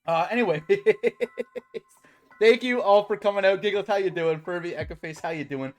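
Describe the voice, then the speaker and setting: A man's voice: high voice, normal speed, faint music behind. A young adult man streaming, telling a work story in casual chat, swearing and saying bro a lot.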